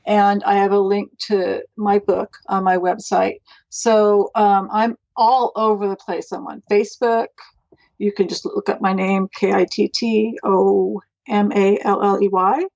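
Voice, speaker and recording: A woman's voice: medium pitch, level tone, a little slow, creaky, no echo, highs cut off. A middle-aged woman, a guest on a podcast, telling stories in a chatty, rambling way. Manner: chatty, rambling, warm storytelling with laughs. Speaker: guest, mental health advocate. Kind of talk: casual interview chat.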